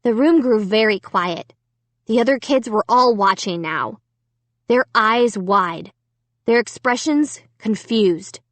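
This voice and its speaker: A woman reading a storybook aloud in an expressive first-person narration. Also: on the high side, a little slow, no room sound. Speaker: audiobook reader.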